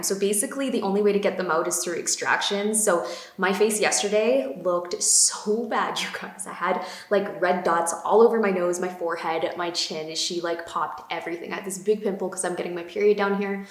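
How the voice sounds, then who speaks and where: Bubbly chatty woman, low voice. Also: fairly even intonation, fairly quick. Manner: bubbly, gushing, many fillers. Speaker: beauty vlogger. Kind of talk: casual chatty product talk. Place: home room. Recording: echoey room.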